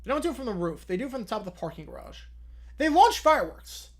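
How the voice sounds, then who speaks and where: A man's voice: very high voice, big pitch swings, fast talker. A young man hosting a live stream, chatting casually with viewers and answering their questions, rambling and correcting himself, drowsy and yawning.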